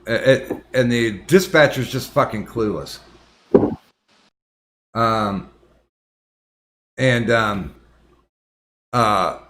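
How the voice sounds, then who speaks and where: A male podcast host telling a story in casual chat. His voice sits at an ordinary middle pitch, and he swears a lot. He stumbles over restarts as he works himself up. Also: a bit bright, a little hiss or hum. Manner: profane, heated retelling with many restarts.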